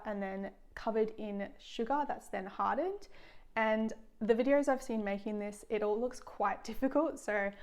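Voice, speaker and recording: A woman's voice: a little high, darkish tone. A woman chatting casually through a cooking vlog in her kitchen, self-deprecating and laughing often. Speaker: food vlogger. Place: home kitchen.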